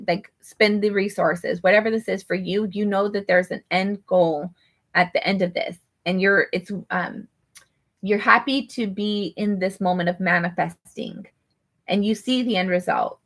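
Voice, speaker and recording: Gravelly-voiced woman reading tarot. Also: mid-range voice, fairly bright tone. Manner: rambling, full of "like" and restarts. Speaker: tarot reader. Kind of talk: casual personal tarot reading. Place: her apartment.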